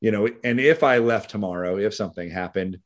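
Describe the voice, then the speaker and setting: A man's voice: on the low side, brisk. A middle-aged man with a Californian accent, a sheriff's deputy telling stories in a casual interview, rambling with many fillers. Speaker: sheriff's deputy and author, podcast guest.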